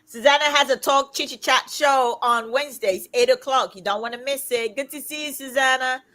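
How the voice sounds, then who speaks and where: Woman, fifties, livestream host, loud, blunt, emphatic, casual chat. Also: sits high, normal speed. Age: 50s.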